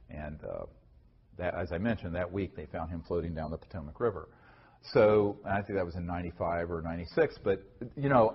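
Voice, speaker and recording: This low, slightly rough male voice belongs to someone fielding an audience question at a lecture. He's earnest but loose, stumbling through fillers and restarting sentences, all captured on a dull, lo-fi recording.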